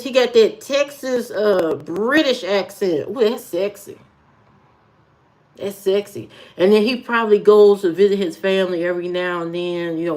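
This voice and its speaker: A woman hosting a live stream, chatting casually in a teasing way with lots of fillers and repeated phrases. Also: medium pitch.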